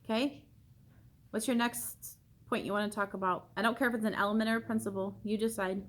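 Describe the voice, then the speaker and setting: A woman's voice: mid-range voice, steady tone, brisk. A woman art teacher leading a classroom discussion, asking questions and repeating students' answers back to them.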